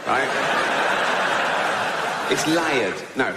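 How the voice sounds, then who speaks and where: A man's voice: medium pitch, lively intonation, very slow, heavy background noise. A middle-aged Englishman doing stand-up comedy in a cheeky, rambling, self-interrupting way, in a large live venue. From England. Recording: loud live audience laughter.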